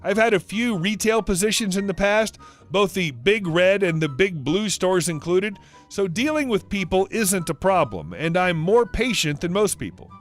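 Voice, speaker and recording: A man narrating stories with a slightly high, very animated voice that rises and falls through each sentence. Faint music plays underneath his scripted storytelling. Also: normal speed. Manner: lively storytelling, acts out dialogue.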